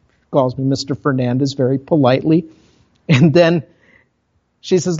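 A pastor from Minnesota with a Minnesotan accent, preaching a sermon in a conversational storytelling way, full of asides to the congregation. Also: male voice, mid-range voice, normal speed, a little mellow, slightly rough, dull audio. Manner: conversational, with self-interrupting asides.

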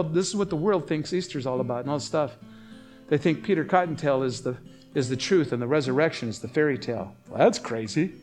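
Guy preaching, kinda high voice, gets real animated telling stories, little guitar playing under him. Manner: animated storytelling, voices rising sharply for quoted people. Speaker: pastor. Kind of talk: sermon.

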